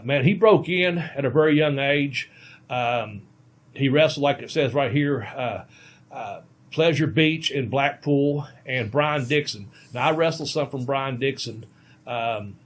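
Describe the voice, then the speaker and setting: A man's voice: mid-range voice, a little slow. A middle-aged man, a veteran pro wrestler, telling a long casual podcast story with many ums and restarts.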